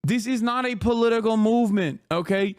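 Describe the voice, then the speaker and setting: A man streamer giving casual reaction commentary in an animated, profane, mocking rant. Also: high-pitched, fairly quick, clean tone, dry recording, clean studio sound.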